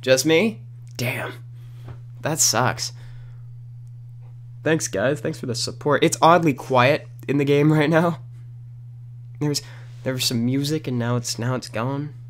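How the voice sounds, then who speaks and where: A man giving casual, rambling gameplay commentary at home into a new desk microphone, breaking into loud outbursts at the game. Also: medium pitch, takes it slowly, long pauses, slight background noise. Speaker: gaming commentator. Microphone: new desk condenser microphone.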